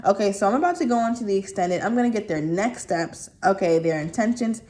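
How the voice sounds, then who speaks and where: A woman reading tarot cards for viewers in a chatty, animated way, with playful acted-out asides. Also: mid-range voice, a little fast. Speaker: tarot reader.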